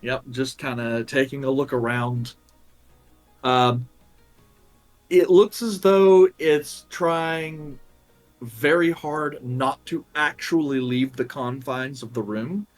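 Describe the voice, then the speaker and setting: A man narrating as game master in a tabletop role-playing game, unhurried and filling pauses with ums and uhs. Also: medium pitch, steady tone, soft background music.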